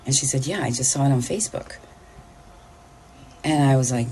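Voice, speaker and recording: A woman's voice: a bass voice, moderate pace, mellow, slight background noise. A middle-aged woman telling a personal story in a candid, blunt way, swearing freely.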